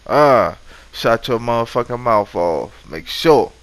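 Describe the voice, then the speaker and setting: A man's voice: mid-range voice, expressive, slow pace. A man commentating his own video game run, swearing and trash-talking the enemies on screen. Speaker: gamer. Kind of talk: profane let's-play commentary.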